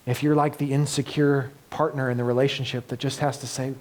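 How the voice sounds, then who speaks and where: A man preaching a sermon as pastor, earnest, moving between loud emphatic passages and soft hushed ones. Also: medium pitch, flat delivery, fairly quick, hardly any pauses. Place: church.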